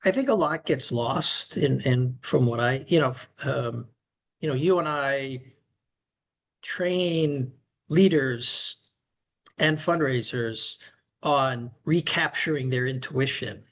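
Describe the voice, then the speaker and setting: Male podcast co-host, mid-pitched, unhurried and thoughtful; a coach chatting casually. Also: a bit bright. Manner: slow, reflective, measured.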